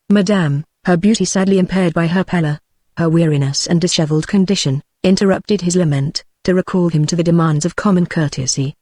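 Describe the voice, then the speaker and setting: A woman's voice: lowish voice, no echo, studio quality. Synthetic British woman reading a book. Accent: British English. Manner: even, measured synthetic reading. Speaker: narrator. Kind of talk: text-to-speech audiobook reading.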